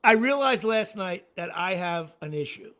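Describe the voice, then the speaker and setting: A man talks sports in a casual podcast chat, his voice sitting very high and leaping all over the place. The tone is bright and forceful, and he tells stories excitedly, laughing as he goes and acting out other people's lines. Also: moderate pace. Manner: excitable storyteller, laughs often and acts out quotes. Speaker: podcast host.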